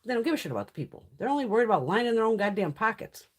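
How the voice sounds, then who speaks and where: Husky woman ranting with heavy swearing. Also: on the high side, very animated, very fast. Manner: profane, ranting, exasperated; laughs often. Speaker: live stream host. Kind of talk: casual chat.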